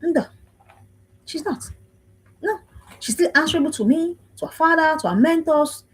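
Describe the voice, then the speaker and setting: An African woman around forty gives an emphatic preaching talk about parenting, her high, expressive voice at a moderate pace. She repeats phrases and keeps asking if the audience understands. The livestream audio sounds rough.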